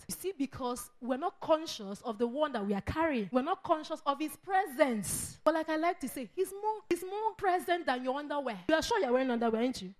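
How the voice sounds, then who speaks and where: A woman's voice: high voice, darkish tone. A middle-aged woman preaching a sermon, acting out quoted voices and laughing often.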